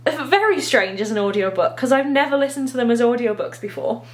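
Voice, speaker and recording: A woman's voice: on the high side, expressive, brisk. Giggly chatty woman vlogger. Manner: giggly and chatty, laughs at herself. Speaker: book vlogger. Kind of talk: casual vlog chat. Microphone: handheld phone camera.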